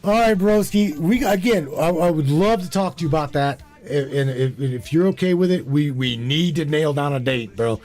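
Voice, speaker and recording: A man hosting a call-in show, chatting casually, slangy and quick to laugh. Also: fairly high pitch, a little mellow. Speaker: show host.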